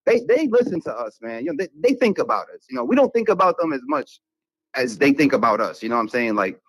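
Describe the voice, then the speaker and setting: A man's voice: medium pitch, sing-song, quick pace, slightly rough, dry recording, poor audio. A Dominican man talking casually as a podcast guest, rambling with many fillers and some profanity. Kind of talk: casual discussion.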